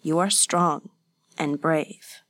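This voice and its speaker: Woman voicing a brooding male swordsman, low hushed voice, soft coaxing manner, dry close sound. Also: steady tone, extremely slow, dry recording, full character voice. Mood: reassuring. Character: brooding swordsman man, quietly menacing.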